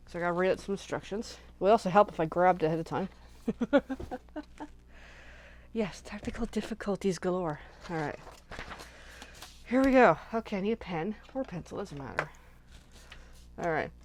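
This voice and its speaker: At her craft desk, a craft channel host runs a casual live session, chatting and rambling while she thinks out loud and works. Her voice is mid-range with a darkish tone.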